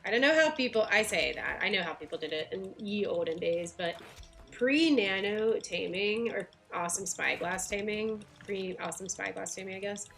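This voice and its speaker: A woman's voice: medium pitch, animated, moderate pace, vocal fry, a bit bright, soft background music. A woman with a light Southern US accent streaming a game, chatting casually with viewers and laughing often. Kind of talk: casual livestream chat while playing.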